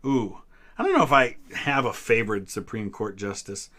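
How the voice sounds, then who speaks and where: A man in his thirties with a bright, forward voice runs a casual live-stream trivia chat. He reads viewer questions and answers them in a relaxed way, pausing with small hesitations as he goes. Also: on the low side. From Ohio, US Midwest. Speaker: history channel host.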